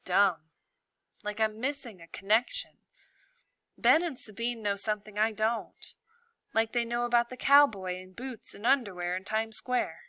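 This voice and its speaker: A woman teacher reading a novel aloud, slow and deliberate. Her tone is bright and crisp, and the recording is close and dry. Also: medium pitch, dry recording.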